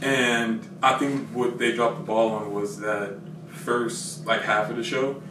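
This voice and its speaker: A man's voice: mid-range voice, steady tone, slow. A man co-hosting a casual anime talk show, laid-back as he explains things. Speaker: podcast co-host. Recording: roomy room, distant mic, clear hiss.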